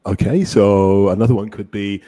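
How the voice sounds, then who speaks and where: Very deep mellow guy explaining english rules, dry sound. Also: steady tone, normal speed, dry recording. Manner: clear explanations, encouraging replies. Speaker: English teacher, podcast co-host. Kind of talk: casual teaching chat.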